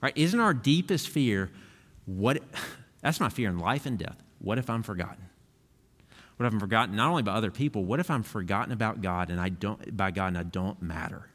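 A man's voice: lowish voice, lively intonation, a little fast, fairly bright tone, big-room sound. A man preaching a sermon as pastor, earnest and conversational, often restarting his phrases.

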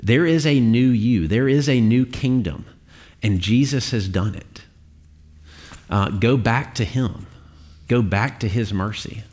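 A man's voice: mid-range voice, a little slow, darkish tone. A man preaching a sermon in a conversational way, with fillers and the odd laugh. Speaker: pastor.

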